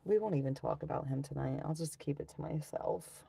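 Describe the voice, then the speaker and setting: A middle-aged woman live streaming in a loose, ranting way, sighing and swearing often. Her voice sits low and gravelly with a dark, mellow tone. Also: a little fast, no room sound. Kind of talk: casual live-stream chat.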